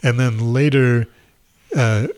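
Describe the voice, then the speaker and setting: A man's voice: medium pitch, fairly even intonation, slow pace, a little mellow, clear, resonant tone. A man co-hosting a podcast, chatting casually about a film, rambling through his notes and laughing along. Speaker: podcast co-host.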